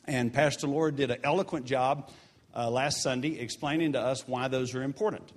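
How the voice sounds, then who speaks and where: A man's voice: medium pitch, fairly even intonation, normal speed. Guy up front doing church announcements, earnest, encouraging, chatty little asides, mid voice. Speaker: church lay leader giving announcements. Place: church sanctuary during a service.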